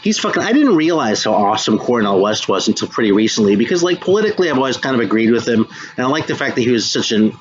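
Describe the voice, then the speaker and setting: A man's voice: mid-range voice, big pitch swings, fast talker, few pauses, lo-fi sound. An American man hosting a live stream, chatting loosely about records and answering viewers, swearing freely and calling people dude and man. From United States. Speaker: live stream host showing metal records. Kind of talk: casual chat reading viewer comments.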